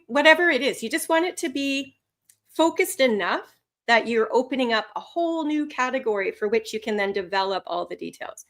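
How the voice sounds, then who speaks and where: A woman teaches a live online class with real energy. Her voice sits a little high and swoops up and down for emphasis. She laughs easily and keeps the tone friendly and encouraging. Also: a little fast. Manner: animated, swooping pitch for emphasis; laughs often. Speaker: language test instructor.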